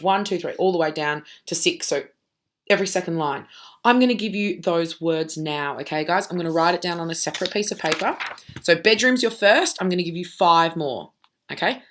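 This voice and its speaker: Lower-voiced woman teaching step by step. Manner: patient, step-by-step, frequent "okay?" checks. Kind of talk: recorded classroom lesson for students.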